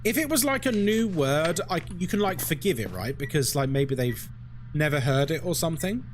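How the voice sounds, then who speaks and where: Animated, chatty male game streamer. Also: on the high side, moderate pace, a little hiss or hum. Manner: chatty, ranting, swears and laughs often. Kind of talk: casual live-stream commentary.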